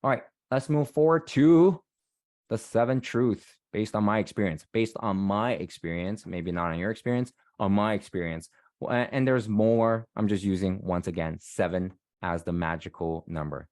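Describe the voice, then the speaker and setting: A man's voice: fairly low pitch, moderate pace, a little mellow, dry recording. A man giving a casual, repetitive career-coaching talk, often asking "right?" to his listeners. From Canada. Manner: chatty, repeats himself, frequent "right?". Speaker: career coach and guest speaker.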